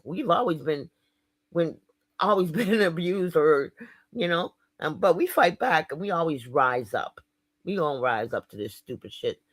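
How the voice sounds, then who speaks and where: A woman sounds off in a fired-up spoken-word rant, swearing freely and pressing each point hard. Her pitch leaps and swoops all over the place, and the recording sounds dry and close. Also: animated, a little slow, dry recording. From Canada. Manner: profane, fired-up and emphatic. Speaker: vlogger.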